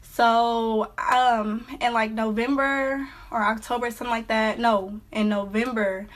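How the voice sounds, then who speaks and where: Teen girl vlogger, slightly high voice, casual storytime chatter with lots of fillers. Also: fairly even intonation, a little slow. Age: teens.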